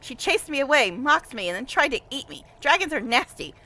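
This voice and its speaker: A woman's voice: sits high, very animated, a little fast, bright, forceful tone, exaggerated voice. A woman doing a whiny petulant demon queen. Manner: whiny, petulant, self-pitying.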